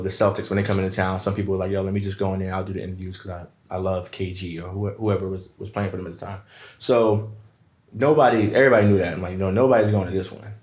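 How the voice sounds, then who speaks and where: A low-voiced man, a podcast guest spinning animated stories and slipping into other people's voices as he quotes them. The sound is roomy and echoey, as if recorded in an untreated room. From Brooklyn, New York. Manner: animated storyteller, acts out quotes. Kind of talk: casual storytelling chat.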